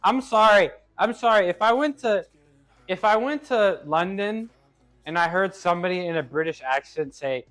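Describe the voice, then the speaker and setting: Guy streaming his workout, chatty, bit high voice, laughs a lot, faint music behind. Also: lively intonation, moderate pace, fairly bright tone. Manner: chatty, laughs easily, restarts phrases. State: working out. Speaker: streamer reading chat. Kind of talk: casual live-stream chat.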